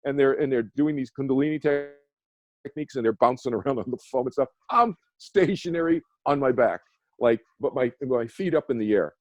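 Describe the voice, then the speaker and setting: A man's voice: medium pitch, fairly quick, a little mellow, no echo. A man, a meditation teacher, telling a personal story as a radio guest, earnest and rambling with many restarts. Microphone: phone or video call.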